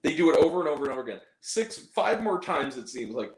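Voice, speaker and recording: A man's voice: fairly high pitch, very animated, quick pace. A man giving a casual spoken movie review, rambling and sarcastic, with many asides. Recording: roomy echo.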